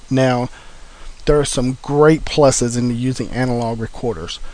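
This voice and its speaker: A man's voice: medium pitch, a little mellow. A man giving informal practical instructions on recording gear, talking plainly with frequent fillers.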